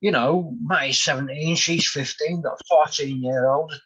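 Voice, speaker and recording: A man's voice: fairly high pitch, unhurried, a bit bright, slightly rough, highs cut off. A middle-aged man hosting a candid podcast chat, hesitant with many ums. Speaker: host.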